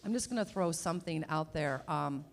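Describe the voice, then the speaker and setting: A woman serving as mayor, speaking at a public panel in a measured, reflective way, often posing questions. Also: sits low, animated, creaky, a little hiss or hum. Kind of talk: panel discussion remarks.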